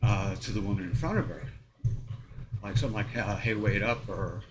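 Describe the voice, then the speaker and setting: A man's voice: lowish voice, animated, a little fast, background noise. An American man talking casually while walking on a treadmill, rambling and profane, with lots of fillers and short laughs. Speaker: vlogger. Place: home treadmill.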